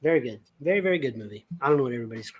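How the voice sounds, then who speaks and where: A man's voice: medium pitch, expressive, very fast, dull audio, slight background noise. A middle-aged man chatting as a podcast co-host, enthusiastic and profane, laughing often. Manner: enthusiastic, swears freely. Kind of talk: casual chat.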